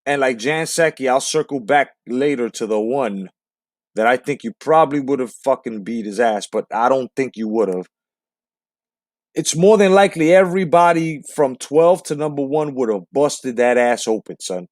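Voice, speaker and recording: A man's voice: medium pitch, animated, normal speed, darkish tone, dry recording, studio quality. Profane, emphatic man ranting. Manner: emphatic, profane, street slang. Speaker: boxing channel host. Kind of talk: casual profane rant.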